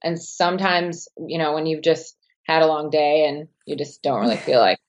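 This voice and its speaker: A young woman with a softened Midwestern American accent talks in an easy, rambling way, full of fillers and quick laughs. Her voice sits very low for a woman. The recording is a little dull and muffled. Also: fairly even intonation. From Wisconsin, United States. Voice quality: low-pitched voice. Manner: chatty, laughing, many fillers and restarts. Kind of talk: casual chat.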